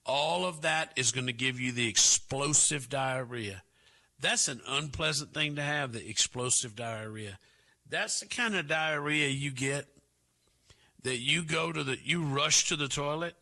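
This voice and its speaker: A man hosting a talk radio show, delivering sarcastic commentary with drawn-out asides. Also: medium pitch, gravelly, bright, forceful tone.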